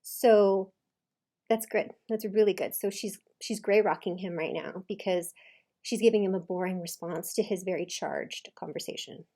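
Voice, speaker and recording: A woman commenting casually on a video she is reacting to, repeating lines back and picking them apart with lively emphasis. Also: medium pitch, normal speed.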